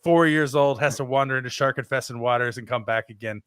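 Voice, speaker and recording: A man's voice: mid-range voice, a little fast, fairly bright tone, smooth, no echo, clean studio sound. A man in his thirties on a podcast, telling stories in a rambling, self-deprecating way. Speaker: podcast co-host. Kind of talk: casual podcast chat.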